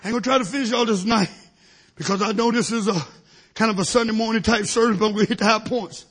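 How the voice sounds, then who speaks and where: A husky, very high-pitched man preaching a fiery sermon. He has a bright, cutting edge, and he jumps from shouted climaxes down to low, quiet asides while he drops hallelujahs in between. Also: steady tone, fast.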